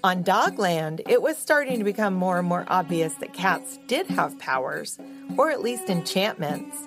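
A woman co-hosting a podcast, narrating a children's story in a slow, expressive and playful way. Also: on the low side. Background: music.

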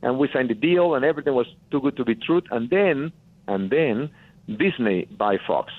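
This phone-in interview features a guest producer from Mexico speaking in a Mexican accent at normal speed, his mid-range voice animated. He recounts his story earnestly, repeating phrases for emphasis, and the line sounds tinny.

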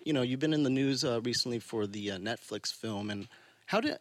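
A man's voice: mid-range voice, fairly quick, dry recording. A man hosting a podcast, chatting with co-hosts and interviewing a guest in an affable, agreeable way. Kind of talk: podcast chat and phone interview.

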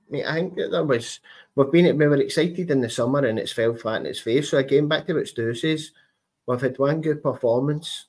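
A man co-hosting a football podcast, easygoing and thinking aloud in loose phrases. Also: mid-range voice. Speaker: podcast co-host. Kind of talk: casual football podcast chat.

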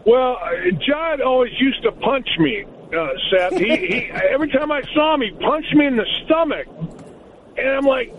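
A man's voice: extremely high pitch, animated, moderate pace. Blunt man on a tinny phone line. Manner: rambling, blunt. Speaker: former basketball coach, guest analyst. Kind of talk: casual sports talk.

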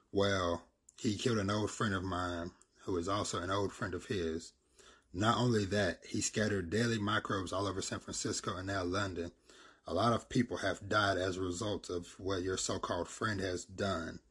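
A man's voice: sits low, steady tone, normal speed, fairly bright tone, husky. A man voicing an angry, defiant man who confronts a crowd and talks bluntly. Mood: exasperated.

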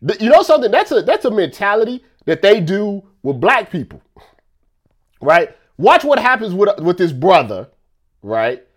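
Animated man ranting, lively pitch. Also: normal speed. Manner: animated, repeats himself, rhetorical questions. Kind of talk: casual political rant.

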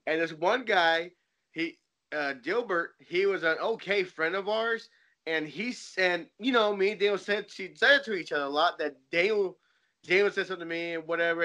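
With a high-pitched, sharp-toned voice, this podcast host in his forties keeps things casual, wandering through loosely told stories in relaxed chat.

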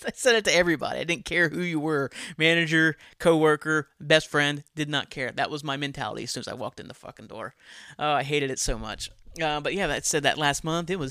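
A man's voice: fairly high pitch, brisk, vocal fry, pushed and bright, no echo, studio quality. A man hosting a casual solo podcast, ranting bluntly with lots of swearing and laughing at his own jokes. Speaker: podcast host.

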